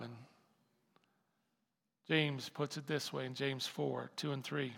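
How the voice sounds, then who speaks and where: A man's voice: mid-range voice, level tone, slow pace, gravelly, pauses often, fairly bright tone. An older male pastor giving a conversational sermon, repeating phrases for emphasis. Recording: long hall reverb.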